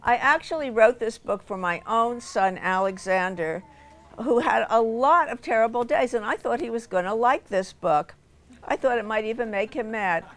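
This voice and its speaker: A woman's voice: on the high side, moderate pace. A woman, a children's author, reading her picture book aloud at a storytime in a bookstore and coaxing the children to join in. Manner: animated, playful storyteller coaxing kids to join in. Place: indoor bookstore reading event.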